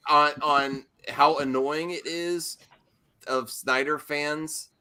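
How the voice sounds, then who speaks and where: A man's voice: fairly high pitch, slow, a crowd in the background. A man hosting a casual panel chat, giving opinionated hot takes. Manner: animated, opinionated. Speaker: channel host.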